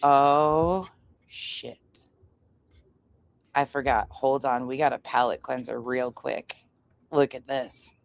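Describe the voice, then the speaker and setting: A woman's voice: rumbling low, little pitch movement, normal speed, creaky, no echo. A woman hosting a casual livestream, chatting loosely, swearing freely and laughing often. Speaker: livestream host. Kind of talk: casual commentary.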